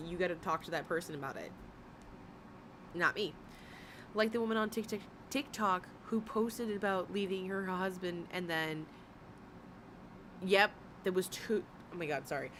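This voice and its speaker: A woman's voice: lowish voice, noisy background. A woman streamer in casual commentary, worn out from hours of talking, rambling and breaking off with giggles. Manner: rambling, self-interrupting, giggly. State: tired from long talking.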